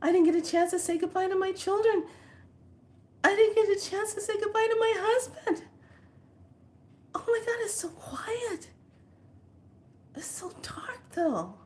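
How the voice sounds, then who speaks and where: A woman acting out her older mother, who wakes in the dark and fears she has died, in a high, fretful voice. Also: unhurried, long pauses. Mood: panicked.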